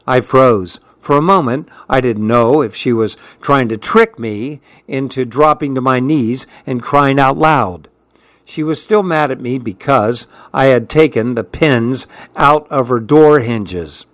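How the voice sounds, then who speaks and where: A man narrating an audiobook in a steady, even reading voice at a middle pitch. The recording is dry and close, with no room sound. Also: unhurried, no room sound.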